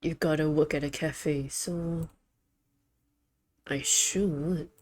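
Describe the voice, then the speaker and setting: Slow, low-voiced woman streamer. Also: fairly even intonation, darkish tone. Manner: hesitant, rambling, self-correcting. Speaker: VTuber streamer. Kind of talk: casual chat while playing a game.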